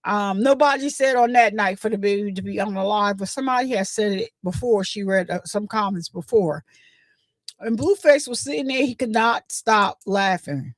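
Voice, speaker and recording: A woman, hosting a casual gossip livestream, telling the story in a chatty, animated way and acting out what others said. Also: mid-range voice, normal speed, dry recording. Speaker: livestream host.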